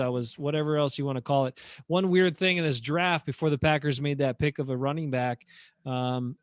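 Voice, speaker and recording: A man's voice: a little high, dry recording. A man co-hosting a casual sports chat show, opinionated and rambling with fillers. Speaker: podcast co-host.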